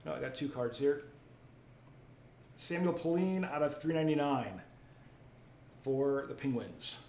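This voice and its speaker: A man's voice: medium pitch, unhurried, vocal fry, a little mellow. A man hosting a live card break, chatting casually while opening packs and reading out viewer comments. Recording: roomy echo, faint ambient noise.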